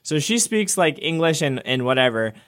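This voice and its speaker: A young man co-hosting a casual talk show, telling a travel story with lively acted-out quotes. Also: moderate pace, clear, resonant tone. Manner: animated storyteller, acts out quotes with jumps in pitch. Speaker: podcast co-host.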